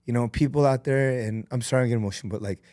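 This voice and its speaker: A man who is a podcast guest and entrepreneur, telling stories in an earnest, animated and emotional way. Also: mid-range voice, racing, no room sound, studio quality. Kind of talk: emotional, candid conversation.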